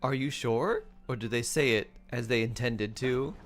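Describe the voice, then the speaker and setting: A man's voice: medium pitch, normal speed. A man streaming a game, chatting casually, laughing often and reading his chat aloud. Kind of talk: casual gameplay commentary. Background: faint game music.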